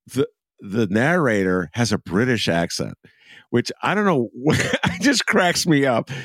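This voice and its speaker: A man's voice: mid-range voice, vocal fry, dry recording, studio quality. A man hosting a casual interview, chatty and rambling as he asks his guests questions. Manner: chatty, rambling, self-described obsessive. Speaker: podcast host.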